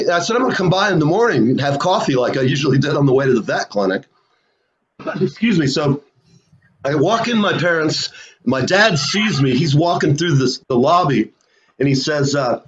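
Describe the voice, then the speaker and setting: A man's voice: a little high, expressive, a little fast, a little hiss or hum. A man hosting a casual live show, telling rambling stories with lots of fillers. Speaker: host. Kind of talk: casual storytelling chat. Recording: lo-fi dull sound.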